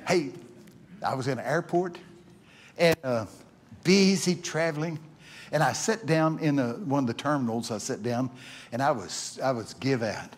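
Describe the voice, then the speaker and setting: A man preaching to a congregation, spinning folksy stories in his middle-pitched voice. He repeats himself as he goes and keeps climbing into loud, excited exclamations. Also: normal speed. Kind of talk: sermon with storytelling. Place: church.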